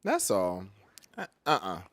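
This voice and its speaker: A woman chatting casually to the camera, sassy and very expressive. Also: extremely low pitch, a little slow, background noise.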